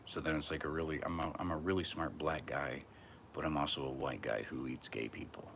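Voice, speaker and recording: A man's voice: extremely low pitch, fairly even intonation, fairly quick, creaky, a bit bright, slight background noise. A man vlogging from a back porch outdoors, talking in a brash, profane, rambling monologue.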